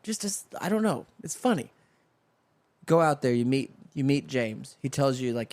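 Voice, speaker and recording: A man hosting a solo podcast, riffing loosely and acting out bits of dialogue in quick voices. His voice sits at an ordinary middle pitch. The sound is dry and close, with no room around it. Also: expressive, a little mellow, no echo. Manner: rambling, riffing with acted-out voices. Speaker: podcast host. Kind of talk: solo comedic monologue. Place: home studio.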